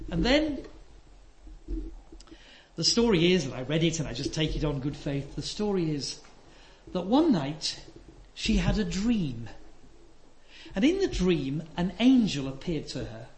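An older man preaching a sermon, earnest and emphatic, dropping to soft asides. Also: sits high, big pitch swings, measured pace, a little hiss or hum. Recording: echoey hall.

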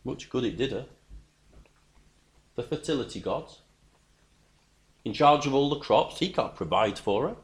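Male preacher, earnest and emphatic, stumbles over repeated words for emphasis, mid-pitched. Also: expressive, unhurried, long pauses. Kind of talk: sermon.

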